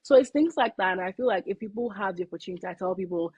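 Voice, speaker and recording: A young woman from Nigeria, chatting as an interview guest, talking in a lively way with lots of "like"s. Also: mid-range voice, racing, breathy edge, no room sound, lo-fi sound. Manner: chatty, animated, filler-heavy with many "like"s. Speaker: guest, company founder. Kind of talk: casual interview conversation.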